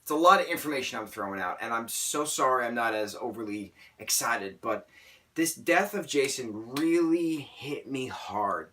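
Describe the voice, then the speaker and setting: A young man reviews a book in a casual vlog, rambling excitedly and often stammering and restarting. His voice is mid-range, and he's far from the mic.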